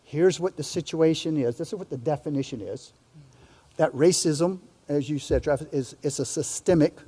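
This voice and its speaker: Older male panelist, earnest and reflective, a higher voice with a long room reverb. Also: a little mellow. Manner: earnest, reflective, with many restarts. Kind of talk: panel discussion.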